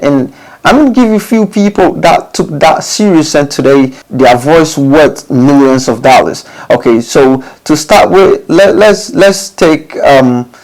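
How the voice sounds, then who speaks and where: Emphatic man with a fairly high voice. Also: a little mellow, low-quality recording. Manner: repetitive, restarts phrases, emphatic rhetorical questions. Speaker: studio host giving advice to recording artists. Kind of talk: casual talk to camera.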